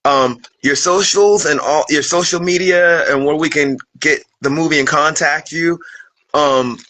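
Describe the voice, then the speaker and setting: A man's voice: a little high, a little slow, pushed and bright, no room sound, low-quality recording. A man hosting an interview, eager and grateful, full of casual fillers. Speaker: interview host.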